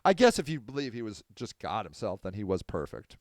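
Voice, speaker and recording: A man hosting a podcast, rambling sardonically and apologetically, swinging from loud to mumbled. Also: on the low side, sing-song, brisk, no echo, clean studio sound. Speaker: podcast host. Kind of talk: casual livestream podcast monologue.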